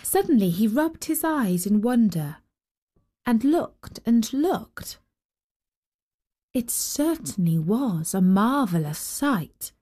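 A woman hosting and narrating a fairy tale with gentle, expressive storytelling. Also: on the high side, slow. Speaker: storyteller and host.

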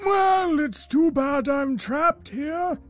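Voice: high voice, takes it slowly. A performer voicing a lonely, centuries-old lava creature trapped in a volcano, who tells rambling stories in an improvised comedy audio story. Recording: faint music underneath.

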